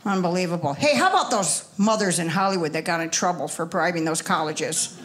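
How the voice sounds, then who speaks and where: A woman's voice: on the low side, animated, a little fast. An older woman performing a stand-up comedy set, chatting with the audience and teasing them. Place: comedy club stage before a live audience.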